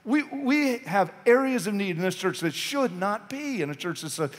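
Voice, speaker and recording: A man's voice: high voice, animated, moderate pace. A male pastor preaching an impassioned, urgent sermon in a church sanctuary. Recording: long reverb of a church hall.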